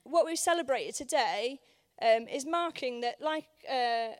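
A woman with a hoarse voice preaching at a church service, talking in a conversational way with many ums and questions put to the congregation. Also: high voice, animated, measured pace. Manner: conversational, many ums, asks the room for agreement. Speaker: guest preacher. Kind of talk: informal sermon.

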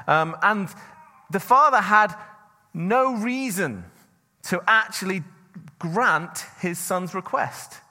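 A man's voice: high-pitched, pushed and bright. A man preaching a sermon and reading scripture, speaking earnestly in a loose, conversational way with restarts. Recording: long hall reverb.

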